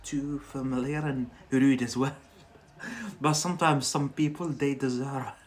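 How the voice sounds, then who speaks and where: A man's voice: mid-range voice, steady tone, unhurried. A man from Algeria teaching an English lesson on a live stream, in a chatty way that answers viewers' questions and asks "yeah?" often.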